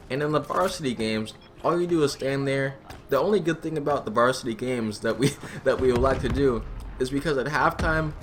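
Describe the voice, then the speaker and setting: A man's voice: mid-range voice, fairly bright tone. Chatty young man laughing through a story. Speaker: gaming channel host. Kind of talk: casual storytelling over gameplay. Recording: music playing behind the voice. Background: background music.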